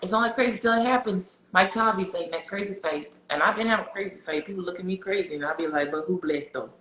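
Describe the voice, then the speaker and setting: A woman's voice: fairly low pitch, fast talker, roomy sound, a little hiss or hum, low-quality recording. A woman guest on a podcast, talking casually and emphatically about her faith, telling stories with lots of slang. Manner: animated, emphatic storytelling with slang.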